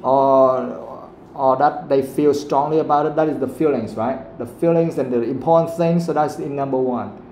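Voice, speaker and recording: A man teaching a live English pronunciation lesson, asking the class the same question again and again and saying the example sentences slowly. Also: medium pitch, steady tone, a little mellow. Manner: asks questions again and again, quotes the audio slowly. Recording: echoey room, faint background noise.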